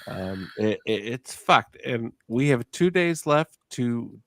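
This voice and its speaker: A man's voice: mid-range voice, animated, takes it slowly, a bit bright, no room sound. A middle-aged man hosting a casual chat, tipsy and slightly slurring, ranting with plenty of profanity. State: tipsy from drinking. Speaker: podcast host.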